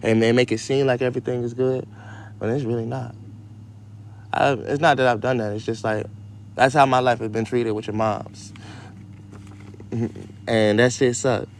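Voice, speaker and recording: A man casually reading a children's story aloud and breaking off into loud, profane, joking commentary. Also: medium pitch, little pitch movement, normal speed, pauses often, slight background noise. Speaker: radio show host reading to kids.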